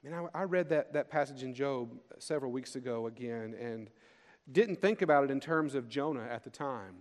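A man preaching a sermon in an earnest way, rising for emphasis and slowing on key phrases. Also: medium pitch. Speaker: pastor. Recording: long hall reverb.

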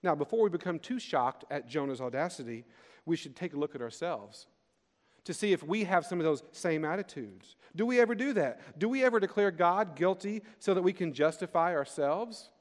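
Male pastor, slightly higher voice, earnest sermon delivery with slowed emphasis, long hall reverb. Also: animated. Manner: earnest, rising and falling emphasis with slowed key phrases.

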